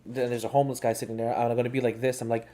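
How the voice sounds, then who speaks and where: A man's voice: mid-range voice, little pitch movement, very fast, mellow. A man chatting casually over a game, laughing often and swearing as he rambles through stories. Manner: profane, laughing, rambling storyteller. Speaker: gaming channel co-host. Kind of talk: casual chat over gameplay.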